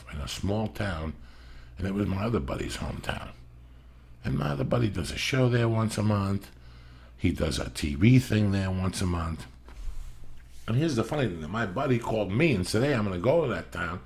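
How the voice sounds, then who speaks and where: A man's voice: sits low, expressive, normal speed, creaky, darkish tone, breathy edge. A middle-aged man hosting a podcast, telling rambling stories in a casual chat, swearing constantly and pressing his points hard. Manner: profane, rambling, emphatic storyteller. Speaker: podcast host.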